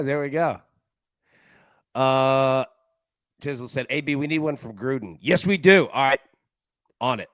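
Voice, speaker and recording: A man's voice: medium pitch, a bit bright, no room sound. A man hosting a live sports betting show in casual chat, jokey and rambling, laughing often.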